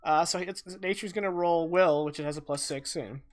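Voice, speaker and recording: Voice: mid-range voice, a little fast. A game master running a tabletop game in an easygoing way, explaining rules and scenes.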